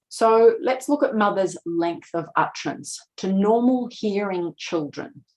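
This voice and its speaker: A woman's voice: mid-range voice, lively intonation, a little slow, hardly any pauses, a little mellow, poor audio. A middle-aged woman presenting research at a conference, explaining points step by step. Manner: explanatory, slips into quoted voices of parents. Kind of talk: lecture presentation.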